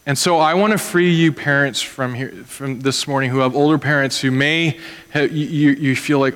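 A man's voice: a little high, moderate pace, a bit bright, long reverb tail. A man pastor preaching a sermon in an earnest, conversational way, acting out the people in his stories.

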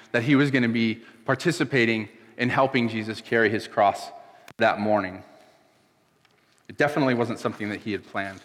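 Man preaching in a reverberant church. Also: mid-range voice. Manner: casual storytelling, emotional, voice drops soft. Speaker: pastor. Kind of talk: sermon. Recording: long hall reverb.

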